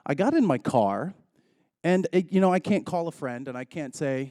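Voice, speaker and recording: A man's voice: a little high, expressive, normal speed, warm tone, dry recording, clean studio sound. A man in his thirties giving a conference keynote, telling jokes in a chatty storytelling way. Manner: joking, conversational storyteller. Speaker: keynote speaker.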